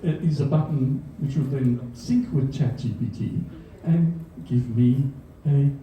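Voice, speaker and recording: On a comedy stage in front of a live audience, an Australian man talks science for laughs, self-deprecating and dry, chuckling at his gags. He speaks a little slowly in a mid-range voice. The sound is dull and echoey from a distant mic, with faint music behind him.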